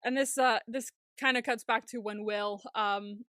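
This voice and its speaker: A woman co-hosting a podcast, casually recapping a TV episode in an animated way and laughing often. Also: a little high, a little slow, no echo, studio quality. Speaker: podcast co-host.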